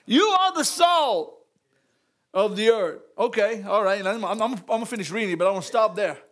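Pastor, male, very high voice; exuberant call-and-response sermon, frequent laughs and shouts. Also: steady tone, fast talker. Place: church.

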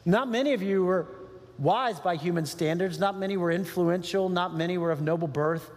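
A male pastor preaching a sermon in an animated way, laughing often and acting out quoted voices. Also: high-pitched, moderate pace. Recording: long hall reverb.

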